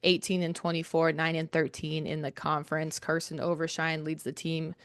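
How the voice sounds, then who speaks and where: A young woman co-hosting a sports podcast, reading team stats in a steady list with filler ums, recorded with headphones on a close mic. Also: low voice, normal speed, dry recording. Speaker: podcast co-host. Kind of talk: reading softball stats preview. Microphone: headphones and studio mic.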